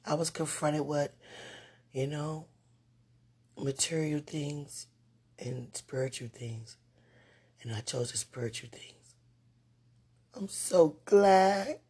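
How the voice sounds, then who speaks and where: A woman chatting casually to her online viewers about faith, sleepy and yawning, who keeps slipping into breathy whispered asides. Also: low voice, slow pace, long pauses. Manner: sleepy, yawning, animated bursts. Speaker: online talk host.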